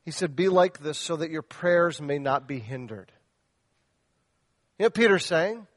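A male pastor preaching with fervor, his voice sitting a little higher than most men's. He swings between forceful, raised exhortation and quiet, earnest asides, pressing his listeners with direct questions. The sound is dry and close, with little room echo. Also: expressive, normal speed. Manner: addresses the men directly with questions. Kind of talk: sermon.

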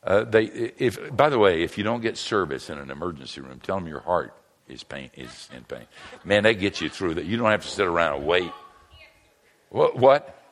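Animated older man preaching in a hall. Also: sits low, moderate pace. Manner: animated storytelling, joking with the crowd. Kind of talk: humorous sermon. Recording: long hall reverb.

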